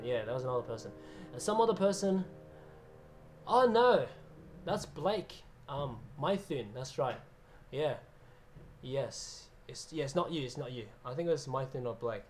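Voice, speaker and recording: A man's voice: mid-range voice, darkish tone. A man hosting a casual piano livestream, chatting loosely, reading out viewer names and laughing often. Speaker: livestream host and pianist.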